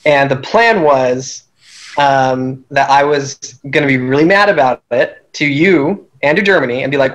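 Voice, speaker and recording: A man's voice: mid-range voice, measured pace, a bit bright, rough recording. A man casually recapping a strategy game he played, telling it animatedly and laughing at his own schemes.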